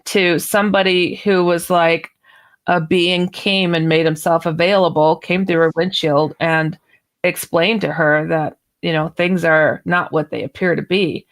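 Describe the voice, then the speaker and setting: A woman author, guesting on a radio interview, tells a personal story and acts out the quoted dialogue as an animated storyteller. Her voice is fairly low and her pace measured.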